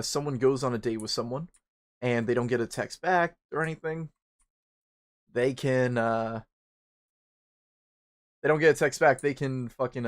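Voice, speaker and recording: Crude rambling young man streaming a game. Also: medium pitch. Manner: rambling, crude, swears constantly; animated when retelling stories. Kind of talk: casual chat while gaming.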